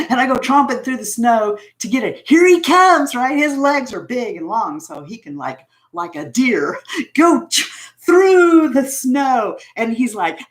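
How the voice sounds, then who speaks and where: A woman host chatting casually on a livestream, telling a rambling story, laughing often and answering viewer comments as she loses her train of thought. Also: mid-range voice. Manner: chuckles often while talking. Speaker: beauty channel host.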